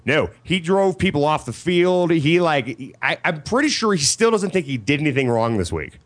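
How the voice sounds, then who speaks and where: A man's voice: fairly high pitch, very animated. A man in his thirties in a casual chat, telling rambling stories with lots of fillers. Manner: rapid, rambling storyteller.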